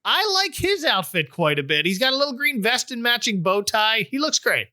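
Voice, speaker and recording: A man's voice: very high voice, sing-song, a little fast, bright, forceful tone, no room sound, clean studio sound. A middle-aged man hosting a casual chat recap, wry and joking. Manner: wry, joking, puts on silly voices for quotes. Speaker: podcast host recapping a TV special.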